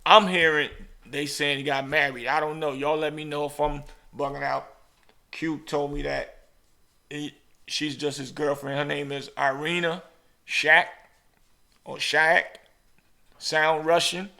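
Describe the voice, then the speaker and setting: Gravelly-voiced man hosting a podcast. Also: fairly high pitch, normal speed. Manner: animated, acts out voices in anecdotes. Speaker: podcast host. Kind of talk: casual storytelling chat.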